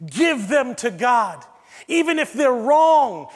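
High-voiced American pastor preaching in a reverberant church. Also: male voice, very animated, slow. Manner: swings from near-whispers to emphatic preaching. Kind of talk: sermon. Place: church sanctuary. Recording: long church hall reverb.

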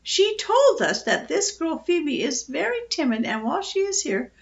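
A no-nonsense farm bird snapping orders and scolding, as a grandmother puts her on. The voice swoops lively and sits fairly high. It comes through a muffled, lo-fi recording. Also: moderate pace, vocal fry, full character voice. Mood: bossy. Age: older.

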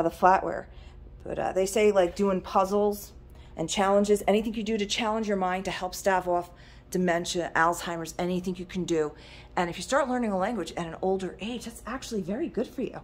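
Middle-aged woman shop owner, casual walkthrough, slightly low voice, wanders off on tangents. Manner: chatty, rambling asides between price callouts. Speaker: antique shop owner giving a tour. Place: antique shop indoors.

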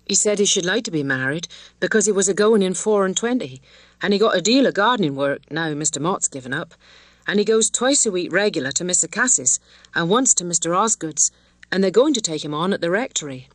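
An ingenuous young village woman talks with plain, tender warmth, as a woman narrator reads her part. Her voice sits slightly low, recorded close and dry. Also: lively intonation, fairly quick, dry recording. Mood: fond, ingenuous.

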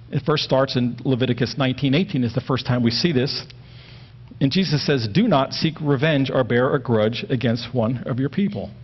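A man giving a relaxed Bible lesson, mid-range voice, plain and direct, dull lo-fi recording. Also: medium pitch. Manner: plain-spoken, stresses words to make points. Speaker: Bible teacher. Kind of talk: conversational Bible teaching.

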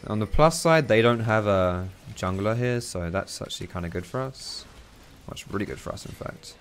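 Low-voiced man chatting through gameplay. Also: animated, normal speed, slight background noise. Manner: chatty, swears and chuckles often. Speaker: gaming video creator. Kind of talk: casual gameplay commentary.

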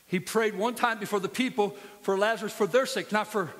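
A man's voice: high-pitched, steady tone, a little fast, fairly bright tone, in a large hall. A man preaching a sermon as pastor, impassioned and full of storytelling, in a church sanctuary.

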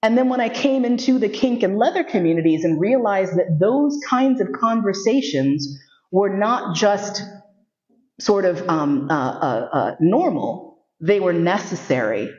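A woman's voice: medium pitch, animated, unhurried, darkish tone. A woman in her fifties from New York City, telling candid, humorous stories as a sexuality educator and acting out the voices she quotes. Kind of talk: storytelling lecture. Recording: muffled roomy recording.

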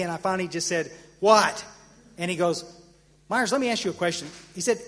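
A middle-aged man telling his personal recovery story to a convention audience. He tells it in an animated way, stammers and restarts often, pushes up for the punchlines and drops low for the reflective parts. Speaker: AA convention speaker. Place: convention hall. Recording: hall reverb from a live convention talk.

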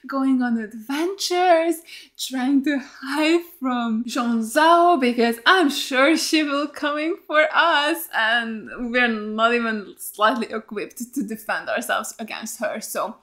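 A woman's voice: a little high, takes it slowly, a bit bright. Gushing, swearing woman reacting to TV. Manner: gushing and effusive, swears often. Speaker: reaction video creator. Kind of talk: casual TV reaction commentary.

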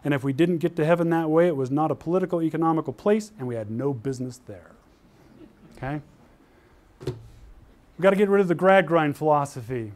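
An older man from Utah lectures to a class in a lively, storytelling way, acting out the people he describes. His voice sits a little higher than most men's. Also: fairly quick, pauses often. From Utah, USA. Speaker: university lecturer. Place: lecture hall.

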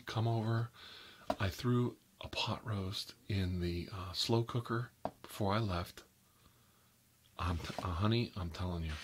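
A man voicing a chatty, oversharing interior decorator in a whispered role-play, rambling and gossiping with sudden high squeals and soft asides. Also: noisy background. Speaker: ASMR role-play creator.

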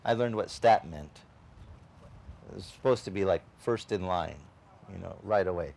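In a low, gravelly voice at a moderate pace with long pauses, a male pastor preaches a conversational sermon. He tells a personal story, animatedly performing the other people's lines with frequent restarts, and talks chattily straight to the congregation.

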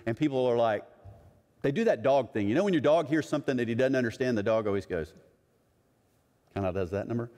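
Pastor preaching in a reverberant hall. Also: male voice, on the high side, a little mellow. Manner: conversational, acts out voices of others in his stories. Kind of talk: sermon.

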